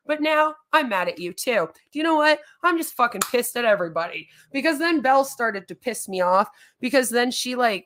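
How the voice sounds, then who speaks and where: A woman's voice: mid-range voice, fairly bright tone. Exasperated ranting woman. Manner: rambling, exasperated, heavy swearing. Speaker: streamer. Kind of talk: ranting livestream monologue.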